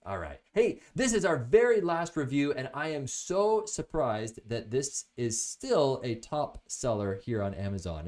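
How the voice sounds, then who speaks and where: A man's voice: medium pitch, very animated, a little slow, hardly any pauses, a little mellow. A man casually reviewing products in a chatty, joking way.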